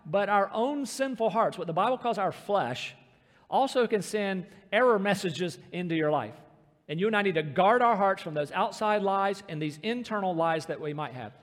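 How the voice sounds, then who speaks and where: A man preaching a sermon, emphatic and slowing down to stress scripture. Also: sits high, expressive. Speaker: pastor. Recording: reverberant hall.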